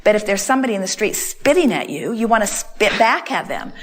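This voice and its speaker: Woman, mid-pitched, emphatic seminar speaker, repeats her phrases for effect. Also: big pitch swings, a little fast. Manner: emphatic, repeats phrases like "in other words" and "you see". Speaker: inspirational speaker answering audience questions. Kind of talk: seminar talk on stage.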